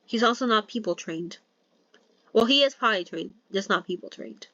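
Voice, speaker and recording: A woman's voice: medium pitch, animated, normal speed, fairly bright tone, dry recording, highs cut off. A young woman casually reading a novel aloud, breaking in with swearing jokes and corrections. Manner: joking asides, swears, self-corrects. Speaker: novel reader. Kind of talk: casual novel read-along with commentary.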